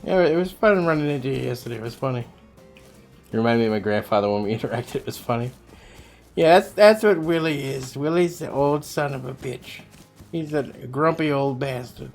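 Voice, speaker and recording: Guy streaming a game, rambly and swears a lot, average pitch, faint music behind. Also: expressive, fairly quick, vocal fry, darkish tone. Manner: rambling, swears freely, talks to chat. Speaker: livestreamer. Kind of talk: casual chat while playing a game.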